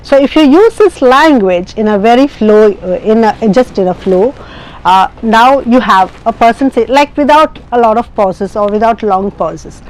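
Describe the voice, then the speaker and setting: A woman's voice: fairly high pitch, lively intonation, moderate pace, rough recording. A woman with an Indian English accent, teaching an IELTS speaking lesson in an explanatory way, with many fillers and restarts. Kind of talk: classroom lecture.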